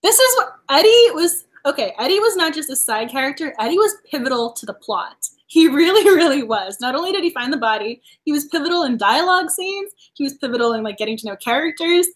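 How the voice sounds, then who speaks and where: A woman's voice: high-pitched, big pitch swings, fast, few pauses. A woman from Massachusetts co-hosting a book club live stream, chatting casually and laughing often as she talks. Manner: bubbly, laughs often while talking.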